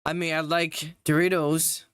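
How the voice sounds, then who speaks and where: A young male streamer with a slightly high pitch who answers bluntly and deadpan, poking holes with pointed questions. His voice is close and dry, with no room sound. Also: unhurried, clear, resonant tone, no room sound. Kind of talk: casual live-stream chat.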